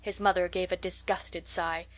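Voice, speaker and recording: A woman narrating a classic novel as an audiobook, in steady, even storytelling. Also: lowish voice, moderate pace. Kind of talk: scripted narration.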